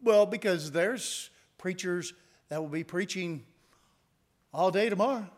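A man's voice: sits high, a little slow. Man preaching with rising emphasis. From United States. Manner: conversational, asks the congregation rhetorical questions; rises to emphatic peaks on key points. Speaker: pastor. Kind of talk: sermon.

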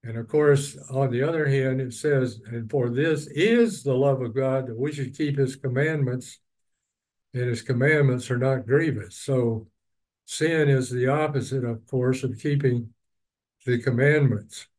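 A man's voice: medium pitch, a little slow, darkish tone, low-quality recording. A man teaching a Bible study, reading verses and then explaining them at length with personal asides. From East Texas.

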